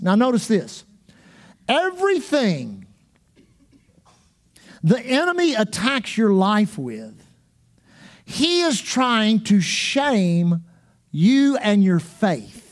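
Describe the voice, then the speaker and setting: A male pastor preaching a fervent sermon, driving points home with repetition and bursts of shouting. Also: high-pitched, wildly swooping pitch, extremely slow, pauses often.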